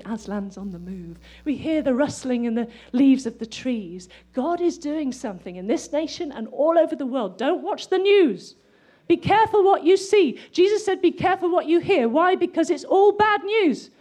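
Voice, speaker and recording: A woman delivers a sermon in a high, lively voice. She is excitable and laughs often. She sounds middle-aged. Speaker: preacher.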